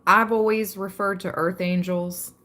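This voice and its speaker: A woman giving a calm, reflective tarot reading to her viewers. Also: medium pitch, unhurried, background noise. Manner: calm and reflective, reading card meanings aloud. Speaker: tarot card reader.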